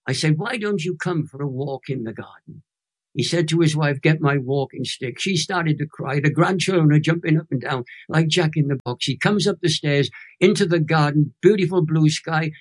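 A Welsh man in his eighties telling an emotional testimony story as an interview guest, with animated delivery and dramatic pauses. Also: a little high. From Wales. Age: 80s.

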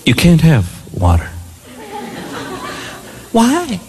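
A man doing stand-up, telling a story as an exasperated father with animated delivery. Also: very high voice, unhurried, background noise. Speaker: stand-up comedian. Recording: live stand-up with loud crowd laughter. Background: audience laughter.

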